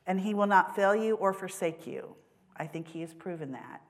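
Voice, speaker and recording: A woman's voice: fairly low pitch, moderate pace. A woman giving an earnest personal testimony in a church service, telling stories with many ums and self-corrections. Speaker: church mission supporter.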